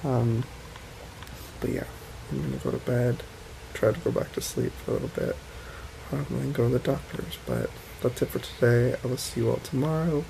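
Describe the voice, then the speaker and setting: A man's voice: medium pitch, expressive, normal speed, vocal fry, pauses often, background noise. A young man talking casually to his vlog camera, chatty and rambling with lots of fillers. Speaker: vlogger.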